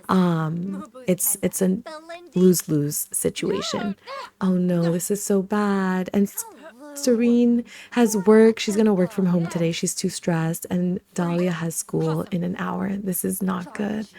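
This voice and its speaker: Gravelly-voiced woman narrating a life-sim game. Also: on the low side, warm tone. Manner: chatty, with lots of fillers. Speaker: gaming video creator. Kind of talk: casual life-sim let's-play commentary.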